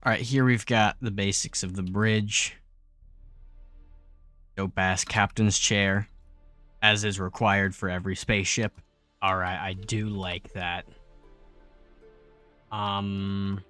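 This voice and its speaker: Casual swearing gamer guy, lowish voice. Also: pushed and bright. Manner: swears freely, grumbles and exclaims at mistakes; rambling storytelling with filler words. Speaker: game-building YouTuber. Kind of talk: casual commentary while building.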